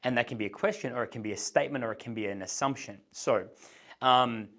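A dating coach gives an instructional talk, explaining things step by step. He talks fast with a slightly bright voice, shifting his pace and pitch to act out examples.

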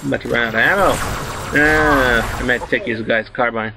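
A man in his twenties rambling through a story while commenting on his gameplay, excitable and swearing freely. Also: medium pitch, brisk, gravelly, noisy background. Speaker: let's play host.

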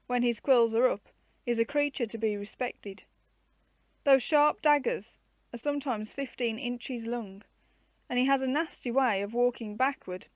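A woman reading the part of a patient, gently teasing uncle who explains zoo animals to children in a storybook. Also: very high-pitched, no echo.

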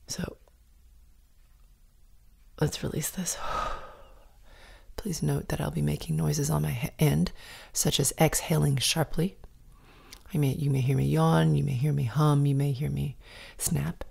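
Low husky woman guiding a meditation. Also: level tone. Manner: soft, slow, often whispered delivery. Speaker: meditation guide. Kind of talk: guided meditation.

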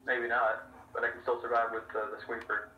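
A man's voice: mid-range voice, monotone, a little fast, roomy sound, distant mic, lo-fi sound, slight background noise. A man bantering with a friend over a video game, giving dry, stubborn comebacks. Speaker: gamer playing with a friend. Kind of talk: casual gaming banter.

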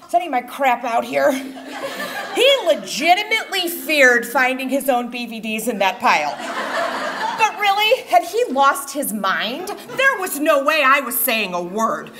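A middle-aged woman reading her own personal essay on stage with expressive comic timing. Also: high voice, slow, crowd noise. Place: event stage before an audience.

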